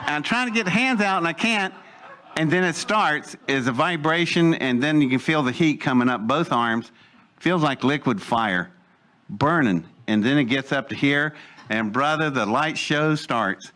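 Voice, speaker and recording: A man's voice: on the high side, animated, measured pace, a bit bright, a little hiss or hum. A man recounts a long personal story. He tells it with plenty of energy and acts out every voice he quotes along the way. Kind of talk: storytelling anecdote.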